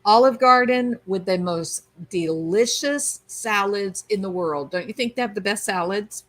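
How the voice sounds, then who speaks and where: A woman's voice: mid-range voice, unhurried, a bit bright, low-quality recording. A woman hosting a livestream, chatting casually and reading viewer comments aloud. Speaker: livestream host reading chat. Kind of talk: casual chat.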